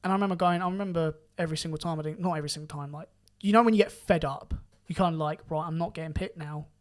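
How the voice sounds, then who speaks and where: Animated young man telling stories. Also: a little high, very fast. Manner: animated, rising loud when excited, swears casually. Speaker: podcast guest karate champion. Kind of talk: casual storytelling chat.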